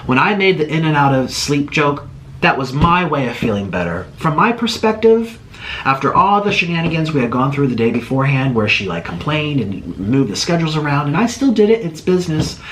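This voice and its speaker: Man, YouTuber, indignant rant to camera, pitch leaping high on questions, faint hiss behind. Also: very animated, fairly bright tone, rough recording. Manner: indignant, rapid rhetorical questions, mocking imitations. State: agitated. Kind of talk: heated personal rant to camera.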